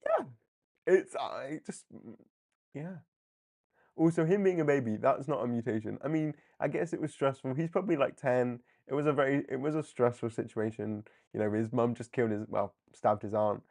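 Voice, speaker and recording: A man hosting a live comic book discussion, animated and often laughing as he briefly acts out characters. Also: medium pitch, moderate pace, gravelly. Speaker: comic book livestream host. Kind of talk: casual live commentary.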